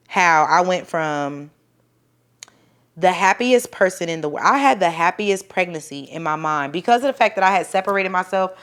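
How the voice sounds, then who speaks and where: Candid, animated young woman storyteller. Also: lowish voice. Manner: candid, profane, animated retelling with acted-out quotes. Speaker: storyteller guest. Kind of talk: casual personal storytelling.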